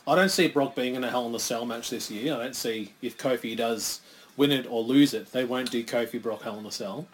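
A man's voice: medium pitch, brisk. Chatty man speculating over wrestling. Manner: chatty, speculative, laughs often. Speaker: co-host. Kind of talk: casual watch-along chat. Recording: faint background noise, lawnmower outside.

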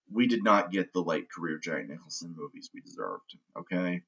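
Man, podcast host, very low voice, husky, enthusiastic, opinionated, casual movie talk. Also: muffled recording. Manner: opinionated and enthusiastic, frequent restarts.

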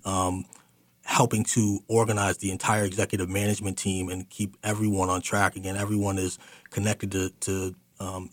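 Male radio host, fairly low voice, dry studio mic, chatty and affirming. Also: no room sound. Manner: chatty, affirming, many fillers. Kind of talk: radio talk show hosting.

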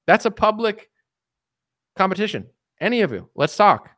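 A man's voice: high voice, big pitch swings, normal speed, fairly bright tone, dry recording, studio quality. Boastful, sarcastic man ranting on a stream. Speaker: livestream host. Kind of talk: casual political rant.

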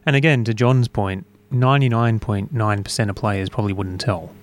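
A man's voice: on the low side, steady tone, a little fast. A man in a casual podcast chat, matter-of-fact and short with his interjections.

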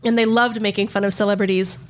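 A woman co-hosting a podcast, telling stories in a casual, animated way and laughing often. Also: medium pitch, fast talker, a little hiss or hum. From Southern California. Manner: animated storytelling with frequent laughs. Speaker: podcast co-host. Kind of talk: casual chat.

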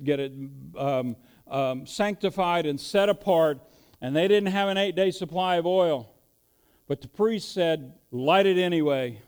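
A man's voice: high-pitched, darkish tone, smooth. A man preaching a sermon, asking rhetorical questions and building emphasis as he teaches. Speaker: pastor.

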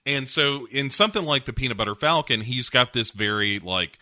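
A man co-hosting a casual film chat, lively and opinionated, steering the conversation. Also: medium pitch, brisk, no echo, studio quality.

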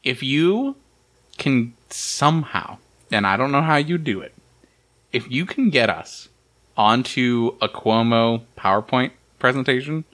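A man's voice: mid-range voice, expressive, measured pace, fairly bright tone. A man hosting a podcast in casual, joking chat, laughing often and swearing. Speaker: podcast host.

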